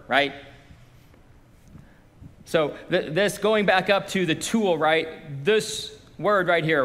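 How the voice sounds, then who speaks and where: A man preaches to his congregation in a loose, conversational way, stepping into quoted voices as he goes. His voice sits high for a man. The sound carries a long reverb from a large hall. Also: a bit bright. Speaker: pastor. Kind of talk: sermon.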